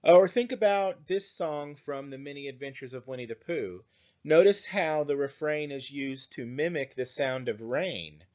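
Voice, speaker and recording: Slow-talking male English teacher, dull audio. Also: medium pitch, darkish tone. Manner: slow, thinking aloud with frequent "right?" and "um"; reads lyrics and verse aloud. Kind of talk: recorded lecture.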